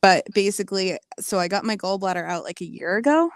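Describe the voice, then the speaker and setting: A woman's voice: mid-range voice, expressive, a little fast, smooth, dry recording, studio quality. A woman joining a live stream as a guest, talking casually with many ums and some swearing.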